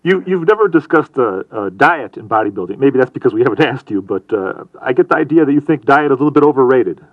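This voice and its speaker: Chuckling male radio host with a lively voice, dry and tinny sound. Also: mid-range voice, fast, no room sound. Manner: laughs easily, brief agreeable replies. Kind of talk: radio interview.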